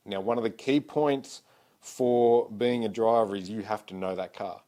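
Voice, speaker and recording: Aussie guy on a podcast, kinda low voice, brisk and emphatic. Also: steady tone, warm tone. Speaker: podcast co-host. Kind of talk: casual conversation.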